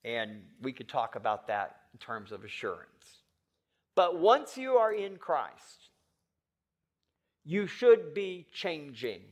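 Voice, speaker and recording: A male pastor delivering a sermon, swinging from low, quiet lines to loud, pressing ones and putting questions straight to the congregation. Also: sing-song, slow.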